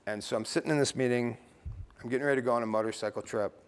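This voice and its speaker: A man's voice: medium pitch, fairly even intonation, rapid-fire, in a large hall. A middle-aged man sharing his recovery story at a meeting, blunt and casual, swearing and tossing in "you know" and "right.".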